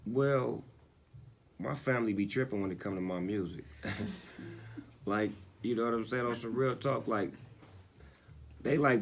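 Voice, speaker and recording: A rapper in his forties, interviewed over slight background noise, speaks candidly in a mid-range voice. He's laid-back and reflective, often checking in with "you know what I'm saying".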